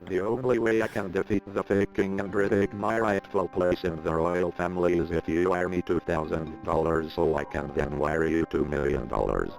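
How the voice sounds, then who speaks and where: A man's voice: sits low, steady tone, moderate pace, vocal fry, hardly any pauses, soft background music, voice pushed down, low-quality recording. A man voicing a pushy scam caller posing as a deposed prince, in a mock-official, scheming manner.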